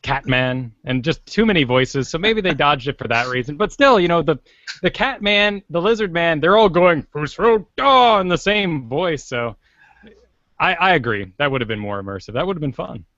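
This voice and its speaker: A man's voice: on the high side, lively intonation, moderate pace, a bit bright, dry recording, dull audio. A man, a guest voice actor, giving thoughtful opinions in a casual podcast chat.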